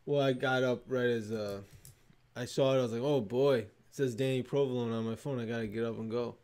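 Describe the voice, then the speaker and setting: A laid-back man co-hosting a sports chat, sounding like he has just woken up. His voice sits a little lower than the others'. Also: fairly even intonation, fairly quick, darkish tone, clear, resonant tone. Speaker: podcast co-host.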